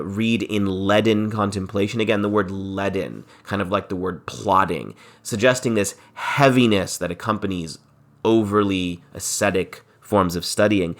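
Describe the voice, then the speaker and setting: A man giving a literature lecture, reading passages aloud and explaining them, repeating key phrases for emphasis. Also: fairly low pitch.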